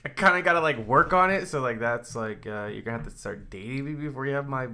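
A man's voice: mid-range voice, fast talker, bright, forceful tone, slight background noise. A man co-hosting a casual podcast, joking about himself and laughing easily. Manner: self-deprecating, laughs easily. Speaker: podcast co-host. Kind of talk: casual chat.

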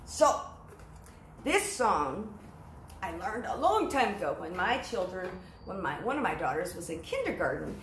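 A middle-aged woman with a Southern US accent, a librarian gently leading a children's sing-along, singing and chatting playfully. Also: medium pitch, big pitch swings, measured pace, a little hiss or hum. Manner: gentle, playful, sings then chats. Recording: roomy sound with faint ukulele.

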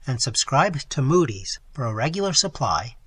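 A hoarse man narrates an audiobook in a measured, expressive way. His voice is bright and husky and moves lively up and down, recorded dry and close with no room sound. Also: medium pitch, no echo. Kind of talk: scripted narration.

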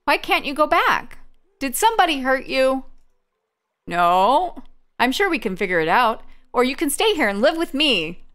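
A woman voicing a kind young island girl, reading game dialogue in a gentle, coaxing way. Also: sits high, very animated, moderate pace, voice pushed up. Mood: caring.

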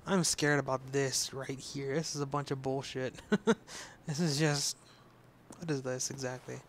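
A young man with a sore throat gives casual, chatty commentary as he plays a video game, jittery and quick to swear. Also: mid-range voice, flat delivery, slight background noise. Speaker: let's play host.

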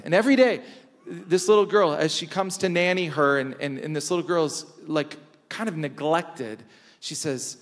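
Guy pastor preaching, repeats lines for emphasis, big echoey church sound. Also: a little high. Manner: preaching with emphatic repetition and dramatic pauses. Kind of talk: sermon. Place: large church hall. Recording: church hall reverb.

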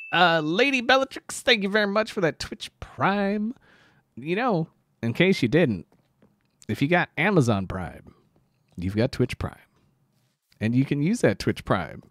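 A young man streaming a game, chatting casually and goofily, his voice a little rough from sickness and lack of sleep. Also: on the high side, no echo. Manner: animated, excitable, goofy. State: slightly sick, sleep-deprived voice. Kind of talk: casual live-stream chat.

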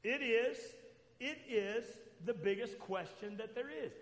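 High-voiced preacher in an echoey hall. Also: male voice, unhurried. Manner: fervent preaching that swings from loud calls to quiet asides. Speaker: pastor. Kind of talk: sermon. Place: church sanctuary.

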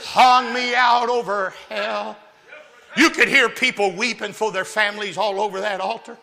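A man giving his testimony to a church youth rally, telling it as comic, animated preaching that swings from hushed asides to shouting. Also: sits high, normal speed, creaky. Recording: long hall reverb from a church venue.

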